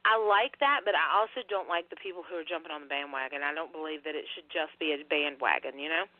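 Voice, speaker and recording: A woman's voice: low voice, fast talker, dry recording. Woman guest on a podcast, earnest and rambling, tinny dry phone sound. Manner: rambling, earnest, full of fillers. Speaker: guest, paranormal researcher. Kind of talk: casual podcast conversation.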